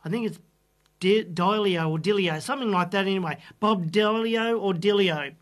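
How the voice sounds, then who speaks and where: A woman's voice: medium pitch, normal speed. A woman hosting a radio oldies show, chatting unhurriedly and musing aloud over music trivia. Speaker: radio host. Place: radio studio.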